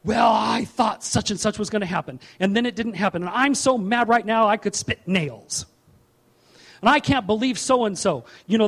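A man voicing a frustrated grown man who rants about plans that were canceled at the last minute. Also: high voice. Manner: indignant, rushed complaining.

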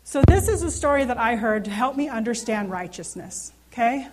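A woman's voice: a little high, expressive, a little fast, darkish tone. A woman in her thirties giving an informal Bible teaching, speaking earnestly and often checking in with her listeners. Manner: earnest, conversational, asks listeners questions. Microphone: handheld microphone.

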